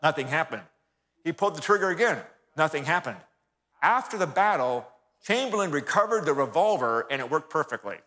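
A man speaks from the pulpit, telling history as a lively story and calling his listeners folks. His voice is bright and sits a little high. A long reverb from the church hall trails each phrase. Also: fairly quick. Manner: storytelling, addresses audience as folks.

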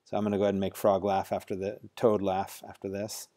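A man's voice: sits low, monotone, fast, dark tone. A man walking through a coding tutorial in a casual, think-aloud way with some fillers. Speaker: teacher. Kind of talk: screen-recorded coding tutorial.

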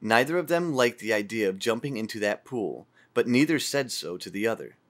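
Calm man reading a storybook aloud. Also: on the low side, fairly quick. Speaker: audiobook reader. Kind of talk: storybook narration.

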